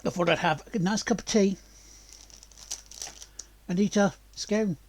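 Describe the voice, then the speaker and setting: A man streaming a racing game, chatting casually with relaxed, chuckling asides. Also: high voice, unhurried. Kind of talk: casual live-stream chat over gameplay.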